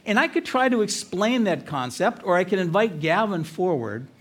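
A man preaching a sermon earnestly, with pauses and emphasis. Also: high-pitched, sing-song, fairly bright tone. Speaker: pastor.

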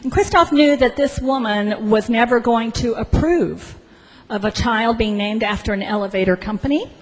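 A woman pastor preaching a sermon in a church sanctuary, telling a story slowly with deliberate pauses. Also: on the high side. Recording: long church reverb.

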